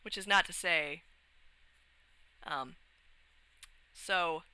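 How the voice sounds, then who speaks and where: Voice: mid-range voice, very slow, sharp tone, smooth, low-quality recording. A young adult livestreamer chatting casually and rambling, with frequent restarts, swearing and laughs. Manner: laughs often while talking.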